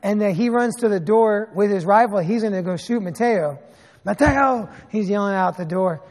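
A fairly high-pitched man in his thirties, preaching as a pastor. He tells his stories in an animated way and slips in sarcastic asides. His voice rings out with a long reverb, as in a church hall. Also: fairly quick. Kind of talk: sermon.

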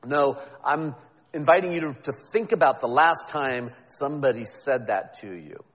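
A man's voice: medium pitch, lively intonation, normal speed, big-room sound, highs cut off. A man preaching a sermon as pastor, talking in a conversational, self-deprecating way with frequent restarts.

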